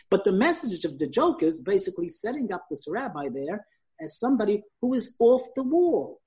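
An older woman giving a lecture, telling an anecdote in an animated, conversational way. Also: mid-range voice, moderate pace.

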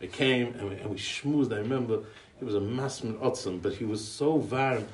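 Picked up by a distant mic in a roomy space with slight background noise, a medium-pitched American man delivers a eulogy at a moderate pace. It's a chatty, rambling run of anecdotes in English peppered with Yiddish and Hebrew yeshiva terms, complete with restarts and chuckles.

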